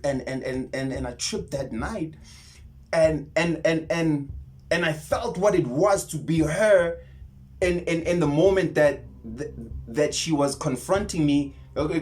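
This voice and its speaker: A man's voice: a little high, a little hiss or hum. Man rambling through a vivid story. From South Africa. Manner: rambling, animated retelling with whispered asides and many restarts. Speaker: spiritual vlogger. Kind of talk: casual storytelling monologue.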